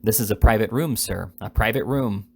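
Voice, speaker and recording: A man doing an emphatic protesting gentleman. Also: on the low side, big pitch swings, fairly quick.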